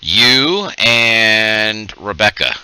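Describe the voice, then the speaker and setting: A man with a very deep but strikingly bright, ringing voice runs a tabletop game. His speech swings widely in pitch as he calls out hits and rulings with an easy chuckle. The sound is close and dry. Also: big pitch swings, extremely slow, clear, resonant tone, no echo. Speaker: game master. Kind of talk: running an online tabletop game.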